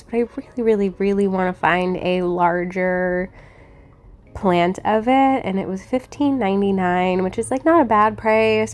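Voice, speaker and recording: Chatty young woman plant vlogger. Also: medium pitch. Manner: chatty, giggly, lots of "like"; upbeat voice-over narration. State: slightly out of breath. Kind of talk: casual vlog chat. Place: inside a parked car; voice-over booth, not on location.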